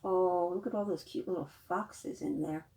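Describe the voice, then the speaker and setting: A woman librarian leading a children's storytime, reading a picture book aloud with animated questions to the young listeners. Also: lowish voice, moderate pace. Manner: animated, questions to the children, gasps and sing-song.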